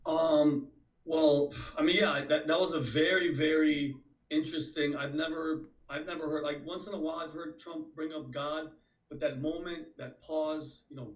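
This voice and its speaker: A man's voice: fairly high pitch, fairly even intonation, normal speed, reverberant, distant mic, poor audio. A man co-hosting a live stream, giving casual political commentary and starting his points hesitantly with fillers and restarts. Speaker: co-host of the stream.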